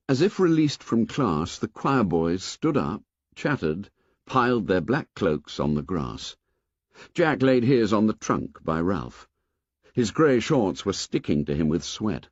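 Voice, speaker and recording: A man narrating an audiobook in a lively, expressive storytelling manner. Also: deep voice, unhurried, husky, no room sound, lo-fi sound. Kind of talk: scripted narration.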